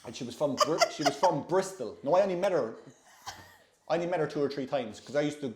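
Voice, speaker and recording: A man's voice: a little high, expressive, fast, echoey room, noisy background. A Northern Irish man hosting, talking casually in a chatty, rambling way and laughing often. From Northern Ireland. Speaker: host. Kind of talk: casual chat.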